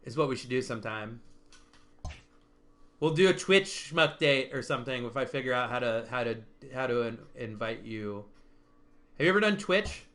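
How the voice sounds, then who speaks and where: A man's voice: mid-range voice, lively intonation, moderate pace, long pauses, fairly bright tone. A man hosting a casual online chat, rambling with restarts and frequent laughter. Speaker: stream host.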